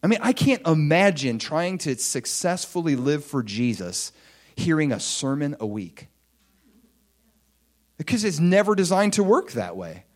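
A man preaching to a congregation with a voice that sits a little high for a man. His pitch swings widely as he tells his own story. He moves between quiet, near-whispered asides and loud, excited outbursts. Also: measured pace. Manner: animated testimony, swinging from hushed whispers to excited shouts. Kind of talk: sermon.

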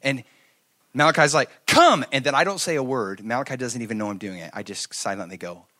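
A middle-aged man preaching a sermon, telling stories and swinging from loud to hushed. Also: mid-range voice, quick pace. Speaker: pastor.

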